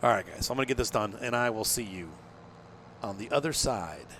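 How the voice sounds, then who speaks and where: A man with a fairly low voice talks through his farming game session, thinking aloud as he goes. He rambles, restarts his sentences and fills pauses with ums and uhs. He sounds tired, as if fighting off yawns. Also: a bit bright, slight background noise. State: tired, yawning. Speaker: gameplay commentator. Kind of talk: casual let's-play commentary.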